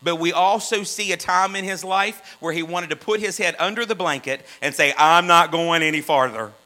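Preaching a sermon at normal speed, a man with a high, bright voice moves between loud, fervent stretches and quiet, low asides. The recording is rough, with a faint electrical hum underneath.

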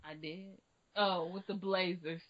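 A woman's voice: fairly low pitch, steady tone, a little slow, muffled recording. A woman co-hosting a casual chat, playful and teasing, laughing often. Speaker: podcast co-host.

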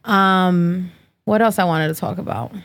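Creaky and lowish, this thirtysomething woman's voice moves at an unhurried pace with no echo around it. As a podcast host, she's blunt and foul-mouthed, tossing out sassy trash talk in loose conversation and ad reads.

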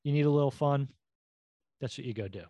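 A middle-aged man co-hosting a podcast in casual chat, telling stories in a rambling, animated way and acting out quotes. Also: mid-range voice, quick pace, dry recording. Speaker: podcast co-host.

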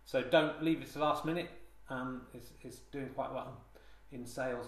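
At a moderate pace and medium pitch, the man speaks with fairly even intonation. He's rambling through a mock-solemn bit on his comedy podcast, hesitating and restarting again and again. The room sounds spacious and echoey, recorded on a handheld digital recorder.

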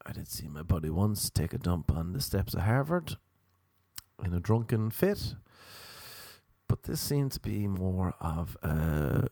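A man rattles through a crude comic monologue with a rather low voice that keeps leaping up for effect. The sound is dry and close. He tells each story as an animated bit. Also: unhurried, gravelly, dry recording. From Ireland. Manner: crude, animated storytelling with big jumps in pitch. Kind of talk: comedic monologue.

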